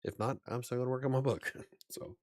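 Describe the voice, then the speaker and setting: A man's voice: medium pitch, fairly even intonation, a little fast, a little mellow, no echo, clean studio sound. A man hosting a casual livestream as an author, rambling a little, chuckling and answering chat comments aloud.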